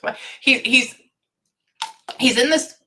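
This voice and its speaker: A woman's voice: high voice, takes it slowly, bright, forceful tone, a little hiss or hum. A woman giving a psychic reading to a client, thinking aloud and stopping herself with "hang on" over and over. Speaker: psychic medium.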